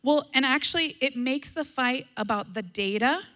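A woman preaching a sermon alongside her husband, measured and earnest, with dry humor. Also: sits high, pushed and bright. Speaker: pastor.

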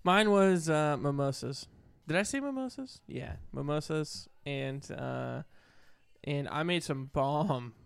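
A man's voice: on the high side, expressive, slow pace, vocal fry, smooth, no echo. A young man chatting casually, brash and teasing, with crude jokes. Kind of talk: casual chat.

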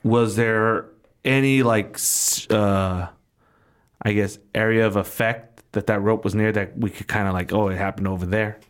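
Low-voiced casual game player. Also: male voice, fairly even intonation, moderate pace, clear, resonant tone. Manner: casual, questioning. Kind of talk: tabletop game play.

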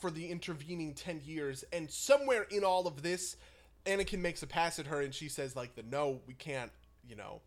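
High-voiced man in animated casual chat. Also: brisk. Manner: animated, swears freely, frequent laughing asides. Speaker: podcast co-host.

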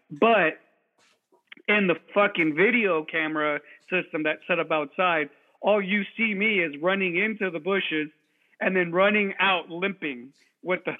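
A man co-hosting a podcast, telling an animated, profane story in casual chat. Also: high voice. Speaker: podcast co-host. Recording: tinny phone-like sound.

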